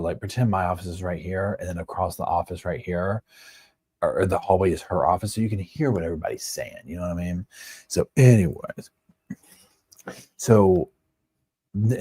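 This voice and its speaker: A man's voice: deep voice, a little mellow, breathy edge, dry recording, clean studio sound. A man in his forties hosting a livestream from home, telling a casual, rambling story full of "like" and "you know.". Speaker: livestream host.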